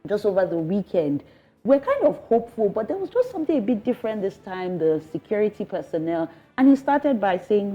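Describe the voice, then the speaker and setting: Distressed woman, halting account. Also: medium pitch, sing-song, dull audio, soft background music. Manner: earnest and distressed, halting with many restarts. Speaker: interviewee, resident and mother. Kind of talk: emotional first-person account in an interview.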